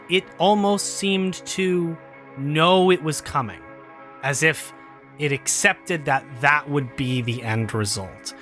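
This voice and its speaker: High-voiced man running a game. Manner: animated, laughs through narration. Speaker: game master. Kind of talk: narrating a tabletop game.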